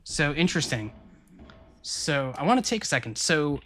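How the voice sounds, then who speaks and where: A man's voice: a little high, big pitch swings, fairly bright tone. A man commenting casually on a game he is playing live, talking to his chat and musing aloud. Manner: chatty, musing aloud, quick laughs. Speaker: live streamer.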